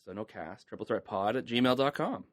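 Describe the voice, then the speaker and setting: Young male co-host, lowish voice, dry sound, deadpan and wry. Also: moderate pace, dry recording. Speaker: podcast co-host. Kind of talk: casual chat.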